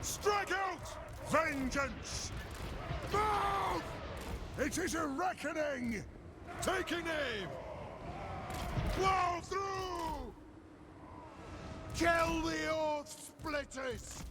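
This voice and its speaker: A man voicing gruff male dwarf soldiers who bark short battle cries, as video game unit voice lines. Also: very high voice, extremely slow, pauses often, exaggerated voice. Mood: shouting commands. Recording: loud battle noise behind.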